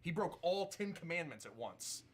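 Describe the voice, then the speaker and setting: A man co-hosting a live podcast, telling jokes with deadpan setups. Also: a little high, normal speed, slightly rough. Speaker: podcast co-host. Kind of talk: telling jokes in casual chat.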